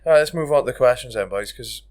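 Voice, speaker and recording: A man's voice: mid-range voice, animated, quick pace, a little mellow. A man with a South Welsh accent hosting a casual chat, rambling and sweary, tired. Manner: rambling, sweary, laid-back, lots of 'like'. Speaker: podcast host.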